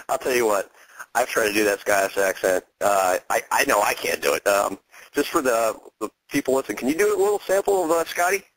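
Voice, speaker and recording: A man's voice: on the low side, expressive, a little fast, fairly bright tone, dry recording, low-quality recording. A male radio host interviewing a guest in a casual, easygoing way, laughing often.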